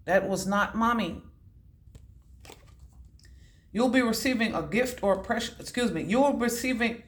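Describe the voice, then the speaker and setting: A woman giving a casual psychic reading to camera, rambling from one thought to the next, swearing casually and slowing down to stress key words. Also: medium pitch. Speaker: intuitive reader.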